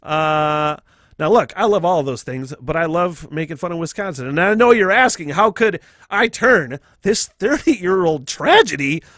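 A man's voice: fairly high pitch, lively intonation, normal speed, a bit bright, no echo, clean studio sound. A man hosting a podcast in a casual comedic monologue, profane and rambling, laughing at his own jokes. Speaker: podcast host.

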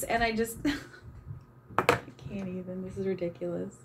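A woman's voice: medium pitch, unhurried, long pauses, a little hiss or hum. A woman chatting casually while she paints, self-mocking and embarrassed, giggling and swearing freely. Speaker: channeler and vlogger.

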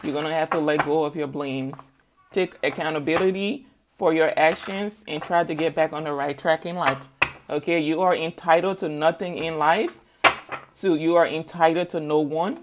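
Tarot reader, woman, lowish voice, blunt and preachy, casual delivery. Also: fairly even intonation, normal speed, background noise. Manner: blunt, preachy, peppered with "okay?". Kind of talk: casual spoken tarot reading.

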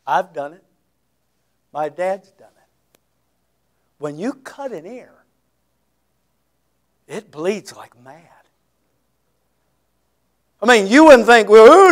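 A male pastor with a notably high voice for a man, preaching a sermon. He tells the story dramatically, acting out the scenes, and drops in folksy, conversational asides.

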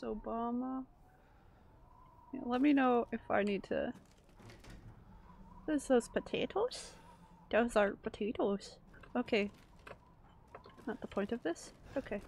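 A woman's voice: fairly high pitch, unhurried, vocal fry, pauses often, a little mellow, slight background noise. A woman streaming a horror game live, jumpy and reacting aloud while she chats with viewers. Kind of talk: live gameplay commentary. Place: home room.

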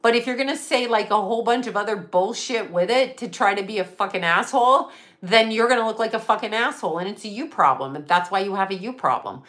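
Chatting casually on a livestream, a middle-aged psychic medium goes on a profane rant, laughing a lot as she curses. She talks fast in a medium-pitched, fairly bright voice.

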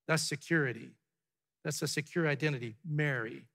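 A pastor preaching a sermon to his congregation, asking rhetorical questions and dropping to a hush before building back up. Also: on the high side, measured pace, long pauses. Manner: dramatic, drops to a hushed tone for emphasis, then builds up. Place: church sanctuary.

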